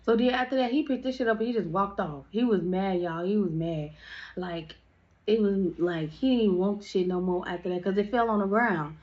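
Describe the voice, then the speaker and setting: A woman's voice: mid-range voice, normal speed, highs cut off. A young woman chatting through a storytime in a casual, slangy way, with lots of "like" fillers.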